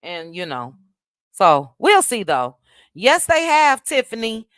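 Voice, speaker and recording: A woman's voice: a little high, huge pitch swings, slow, fairly bright tone, no room sound, studio quality. A woman with a Midwestern accent hosting a casual livestream, chatting, reading viewer comments and thanking them by name, with frequent "child" asides. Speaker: livestream host.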